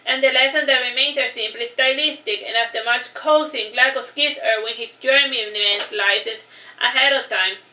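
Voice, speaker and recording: A woman with a bright, slightly high voice reads her own fantasy book aloud, trips over words and goes back to fix them. The room around her is roomy and echoing. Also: moderate pace, highs cut off. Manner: unpolished reading with self-corrections. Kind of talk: storybook reading. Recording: roomy echo.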